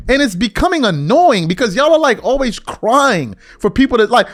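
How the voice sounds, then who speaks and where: A man's voice: extremely high pitch, very animated, moderate pace, few pauses, no room sound. A man hosting a sports podcast, ranting heatedly and slangily with mocking impressions of fans. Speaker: podcast host. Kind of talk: heated sports commentary rant.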